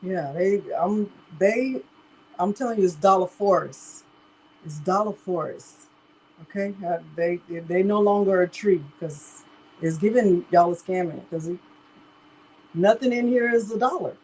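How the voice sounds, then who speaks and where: A woman with a fairly low, darkish voice talks a little slowly, the poor audio carrying slight background noise. She hosts a crafting livestream in a chatty way, laughing often and speaking directly to viewers as "y'all".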